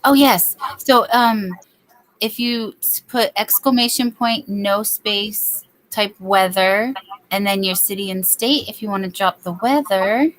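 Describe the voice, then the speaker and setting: A woman's voice: medium pitch, a little slow, fairly bright tone, a little hiss or hum, low-quality recording. A woman hosting a late-night crochet livestream, chatting casually and reading viewer comments aloud. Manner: chatty, reads viewer comments aloud, baby-talks to her dog. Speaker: livestream host. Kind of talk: casual chat while crocheting.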